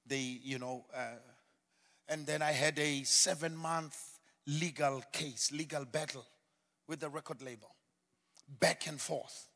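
A man with a high, bright, forceful voice gives a testimony from a church platform. He tells his story dramatically, dropping to hushed asides and then climbing to shouted peaks. His voice rings with the long reverb of a large hall. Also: steady tone, measured pace, pauses often. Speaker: guest speaker giving a testimony. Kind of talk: preaching testimony.

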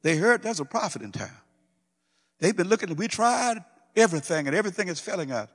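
High-voiced preacher in a reverberant hall. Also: male voice, very animated, fairly quick, slightly rough. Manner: emphatic, repetitive preaching with swings from loud to hushed. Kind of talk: sermon.

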